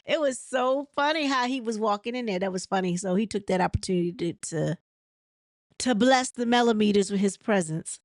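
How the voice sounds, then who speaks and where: Woman, casual reality show recap, rambling, laughs often, dry close sound, mid pitch. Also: lively intonation, fairly quick, dry recording. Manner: rambling, laughs and mimics cast members' lines; many fillers and restarts. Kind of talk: casual chat recapping an episode.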